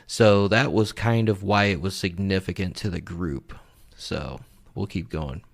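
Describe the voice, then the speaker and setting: Gravelly low-voiced man narrating a podcast. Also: a little slow. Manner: blunt, swears casually. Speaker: podcast host narrating clips.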